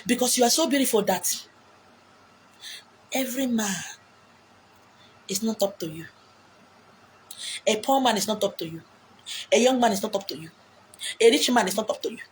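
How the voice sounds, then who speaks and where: A woman with a Nigerian accent delivering an animated, preaching monologue, acting out quotes with big swings in pitch and loudness. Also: normal speed, pauses often. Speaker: self-styled spiritual messenger. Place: beach, outdoors. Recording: faint background noise, outdoors.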